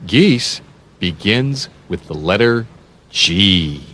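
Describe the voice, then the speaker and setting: A man hosting a children's read-along, talking slowly with sing-song emphasis and playful animal sounds. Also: on the low side, big pitch swings. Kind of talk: slow, animated reading to young children.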